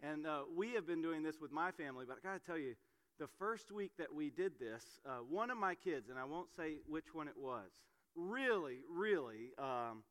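A middle-aged male preacher delivers his sermon in an easy, storytelling manner, pausing on "uh" and "um." His voice sits a little high for a man. The sound rings with the long reverb of a church hall. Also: lively intonation, fairly bright tone. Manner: conversational storytelling with fillers.

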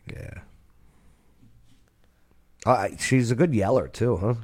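A man's voice: mid-range voice, takes it slowly, darkish tone. A man hosting a casual reaction chat, joking and rambling with laughs and restarts. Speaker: host.

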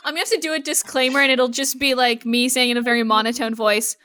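A woman's voice: high voice, steady tone, fast, pushed and bright. A woman co-hosting a podcast, chatting casually about a TV episode with a sarcastic, exasperated manner. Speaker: podcast co-host. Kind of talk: casual chat recapping a TV episode.

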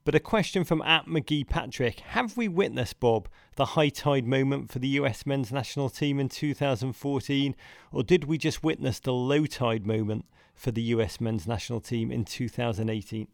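A man's voice: mid-range voice, normal speed, gravelly, no room sound, clean studio sound. A man hosting a podcast, chatting with a guest in a playful, theatrical way. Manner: playful, theatrical turns of phrase. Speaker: podcast host. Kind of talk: casual podcast conversation.

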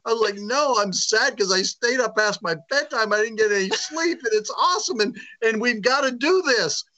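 A man being interviewed, telling a story casually and acting out the quoted dialogue with animated voices. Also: extremely high pitch, normal speed. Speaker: author guest. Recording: lo-fi muffled audio.

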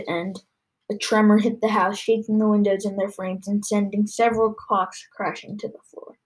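A woman's voice: mid-range voice, level tone, normal speed, rough recording. Woman reading a children's novel aloud. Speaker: narrator.

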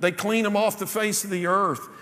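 High-voiced preacher in a reverberant hall. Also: male voice, fairly even intonation, normal speed, sharp tone. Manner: storytelling, drops his voice low for quoted lines. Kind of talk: sermon with personal story. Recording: long reverb of a large hall.

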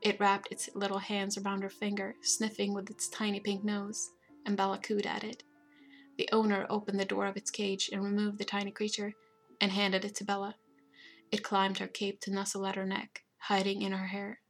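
A woman narrating a fantasy story aloud in a steady, even reading voice. Her melody is notably flat and level. Soft music plays faintly beneath her. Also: mid-range voice, moderate pace. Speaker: audiobook narrator. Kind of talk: scripted narration.

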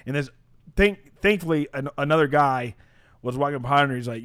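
A man's voice: mid-range voice, fast, fairly bright tone, clear, resonant tone, no room sound. A man co-hosting a podcast, telling a story in casual chat, laughing often and acting out the voices of the people in it. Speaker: podcast co-host.

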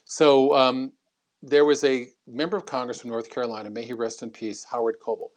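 A man, a former congressman, telling stories in an interview with an animated, anecdotal manner and frequent restarts. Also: medium pitch, a little fast. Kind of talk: interview storytelling.

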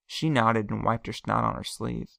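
A man reads a first-person story aloud in a calm, even way. His voice has a gravelly, fry-tinged texture at a middle pitch. The recording is dry and close to the mic. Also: normal speed, no room sound. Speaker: narrator.

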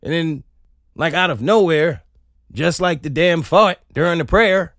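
Male podcast host, solo comedy rant, bouncy and profane, a touch high, dry close mic. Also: a little slow, no echo. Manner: animated, laughing, profane storytelling. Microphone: close studio mic.

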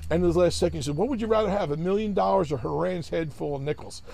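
A man's voice: sits high, fast talker, creaky, a loud crowd. A man, telling a long, rambling, profane story in casual chat and acting out other people's voices.

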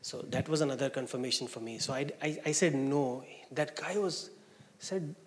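A man with a mid-range voice and an Indian English accent shares a personal testimony at a moderate pace, telling it as a story. He's animated, acting out the people he quotes, and the recording has long hall reverb and slight background noise.

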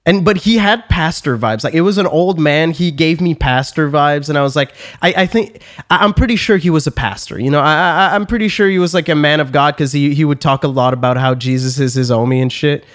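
A man's voice: fairly high pitch, a little fast, few pauses, fairly bright tone. Rambling young man telling a story. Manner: rambling, many fillers and stuttered restarts. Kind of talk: casual podcast storytelling.

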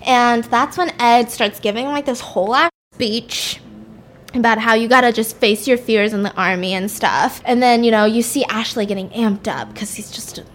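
Female storyteller, casual and animated, slightly high voice, faint noise behind. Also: normal speed. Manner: animated, chatty, full of "like"s. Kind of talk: casual spoken fiction storytelling.

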